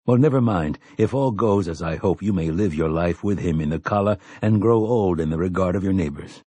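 Brief: male narrator as a hard, weathered gunslinger, dark and husky, slow quiet menace, audiobook. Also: low voice, dry recording. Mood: grim. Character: stern weathered male gunslinger, cold and blunt.

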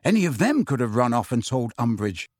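A man reading aloud and voicing an excitable, indignant teenage schoolboy wizard who blurts things out. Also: mid-range voice, a little fast, dry recording, clean studio sound. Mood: suspicious. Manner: blurting and aggrieved.

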